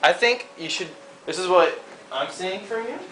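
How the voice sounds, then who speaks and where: A man's voice: high-pitched, expressive, moderate pace, bright, forceful tone, slight background noise. A man coaching someone, encouraging and full of suggestions. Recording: echoey room, from far off, crowd behind.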